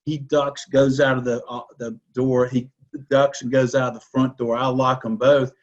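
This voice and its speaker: A man's voice: medium pitch, little pitch movement, normal speed, dull audio. A man, a real estate broker and podcast guest, talking assertively and telling stories, often checking in with "right?". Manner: assertive, explains with rhetorical "right?". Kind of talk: conversational interview storytelling.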